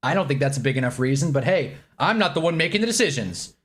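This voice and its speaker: A man's voice: mid-range voice, lively intonation, quick pace, fairly bright tone. A man reacting live on a stream, rambling and annoyed, joking and talking while he eats.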